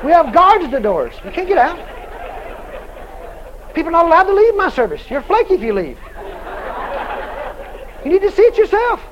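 A man preaching a sermon through a dramatic story, animated and bursting into shouts. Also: very high-pitched, normal speed, long pauses, muffled recording, a crowd in the background, background noise.

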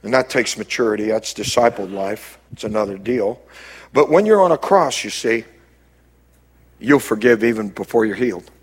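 A man preaching a sermon as pastor, swinging between loud rises and quiet low drops and calling out to the congregation. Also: animated, normal speed, husky. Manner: preaching with sudden rises and drops, calls to the crowd.

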